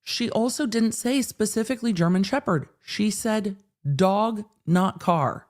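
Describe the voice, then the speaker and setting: A woman's voice: mid-range voice, a little slow. A woman hosting a live legal commentary stream, ranting with swearing and acting out courtroom exchanges. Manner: animated ranting with profanity and acted asides. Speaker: host.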